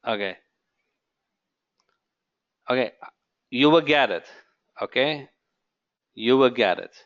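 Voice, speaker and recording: A man hosting a live webinar sales pitch, who keeps asking "okay?" and repeats his phrases. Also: animated, slow, dull audio. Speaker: webinar host.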